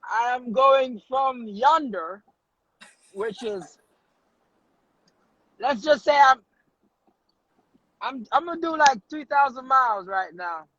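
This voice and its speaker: A man's voice: very high voice, takes it slowly, pauses often, fairly bright tone, no room sound, highs cut off. A man with a Jamaican accent, a guest joking and slipping into patois during a casual interview from his car. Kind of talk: casual video-call interview. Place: in a car on a road trip.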